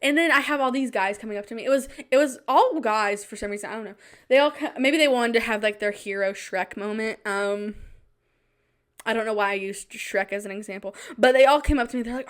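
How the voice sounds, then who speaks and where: High-voiced young woman telling a story. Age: young adult. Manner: animated, self-mocking, quick asides. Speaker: podcast host. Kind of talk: casual storytelling monologue.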